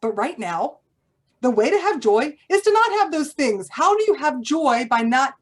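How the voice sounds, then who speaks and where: A woman giving an inspirational talk as a spiritual teacher, conversational and animated, often laughing. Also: high-pitched, normal speed.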